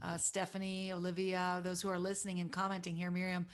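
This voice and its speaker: A woman, a guest musician, singing improvised uplifting lines and chatting in an animated, storytelling way at a church service. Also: lowish voice, fast. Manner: soaring singing, then laughing, animated storytelling. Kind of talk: improvised gospel singing and casual chat.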